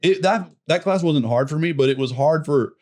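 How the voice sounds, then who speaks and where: A man's voice: a little high, moderate pace, a little mellow. Rambling storytelling man. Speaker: worship pastor, guest. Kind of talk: casual chat.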